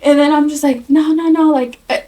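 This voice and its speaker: A woman on a casual podcast, telling an animated story and acting out the people she quotes. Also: sits high, fairly quick. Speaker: podcast guest.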